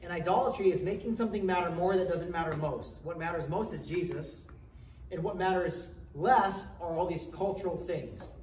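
A man's voice: high-pitched, normal speed, darkish tone, slight background noise. A man preaching a sermon in an earnest, conversational way, often restarting his sentences. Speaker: pastor. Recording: roomy echo, voice from some distance, faint ambience.

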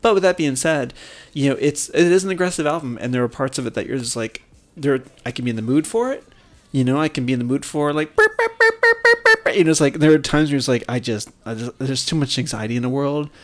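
A man's voice: mid-range voice, fast talker. A man co-hosting a music podcast, chatting casually and profanely about an album, laughing often and mimicking sounds. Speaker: podcast co-host. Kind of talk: casual music review chat.

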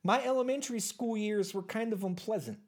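A performer playing a rambling baby-boomer man in his seventies at an awkward interview, talking haltingly with lots of fillers. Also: lightly acted. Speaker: interview guest. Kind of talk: improvised comedy interview.

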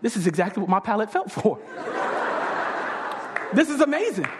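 High-voiced preacher guy, super animated, acts out everyone, big hall echo. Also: normal speed, crowd noise, background noise. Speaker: pastor. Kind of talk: sermon storytelling. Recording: long hall reverb.

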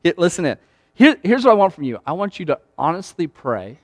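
Male pastor, high voice, dry close sound; conversational, animated sermon delivery. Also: fairly quick, dry recording. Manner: conversational, animated, acts out quoted lines.

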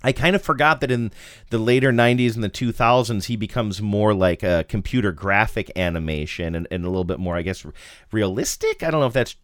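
A man co-hosting a casual chat show, animated and self-mocking. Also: fairly quick, no room sound, clean studio sound. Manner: animated, self-mocking, bursts into silly high impressions. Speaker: podcast co-host.

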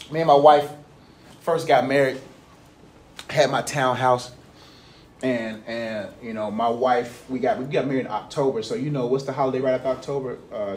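A young man preaching a sermon in a conversational way, telling stories with slang and swinging between loud passages and low, quiet ones. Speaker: pastor.

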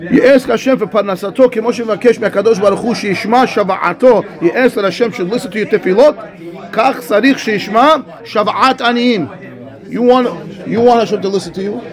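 A man teaching a Torah class as a rabbi, animated, acting out dialogue and reading Hebrew texts. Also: high-pitched, racing, crowd noise.

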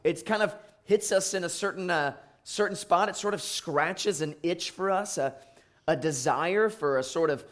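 A man's voice: high voice, normal speed, fairly bright tone. A man preaching a sermon as pastor, reading scripture and then speaking conversationally, with frequent fillers and restarts.

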